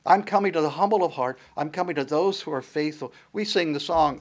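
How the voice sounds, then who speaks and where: A middle-aged man delivers a sermon from the pulpit. His voice sits a little higher than most men's, and he builds each point with repeated rhetorical questions in a steady preaching cadence. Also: brisk. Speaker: pastor.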